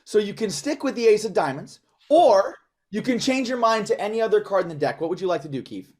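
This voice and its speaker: A man's voice: high-pitched, lively intonation, brisk, darkish tone. A man performing as a magician, talking through his tricks in showy, self-mocking patter and chatting with volunteers. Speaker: magician performing for a live audience.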